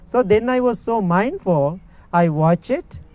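A man with a Sri Lankan accent, a Buddhist monk giving an evening meditation talk. He speaks gently in simple, repetitive phrases with non-native grammar and keeps checking that his listeners follow. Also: high voice, lively intonation, a little slow. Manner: gentle, instructive, asks listeners for agreement.

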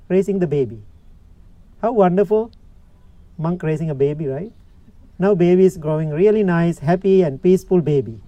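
A man giving a dharma talk, with a fairly high but mellow, soft-edged voice. He tells the story in simple, unhurried phrases and puts questions to his listeners. The sound is dry and a little muffled. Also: dry recording. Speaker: Buddhist teacher.

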